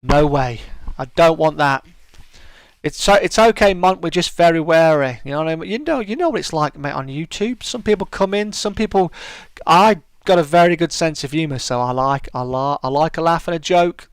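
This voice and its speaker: A man's voice: a little high, animated, moderate pace, clear, resonant tone, dry recording. Laid-back British man chatting on stream. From United Kingdom. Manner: laid-back, chatty, reads out and answers viewer comments. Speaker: live stream host. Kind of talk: casual live-stream chat.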